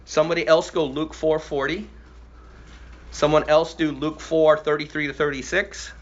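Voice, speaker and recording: A man's voice: a little high, little pitch movement, normal speed. A man teaching a group Bible study, prompting readers and asking questions, who affirms their answers. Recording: slightly muffled with faint hiss.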